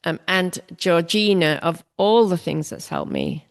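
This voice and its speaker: A woman's voice: fairly low pitch, huge pitch swings, measured pace, vocal fry. A woman artist being interviewed, talking candidly and reflectively about her own habits with self-deprecating humor.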